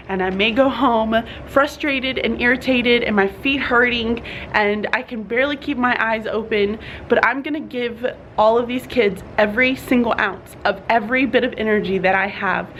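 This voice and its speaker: A woman's voice: on the high side, normal speed, fairly bright tone, slight background noise. Chatty tired teacher woman. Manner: chatty and earnest, says y'all, laughs often. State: tired, yawning. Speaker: teacher vlogger. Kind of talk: casual morning vlog. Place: classroom.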